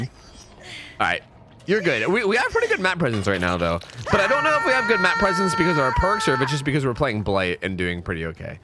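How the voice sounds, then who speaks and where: Young man, casual gameplay commentary, jokey, very animated pitch, noisy background. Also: fast talker. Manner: chatty, jokey, with sudden high exclamations. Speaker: streamer playing a horror game.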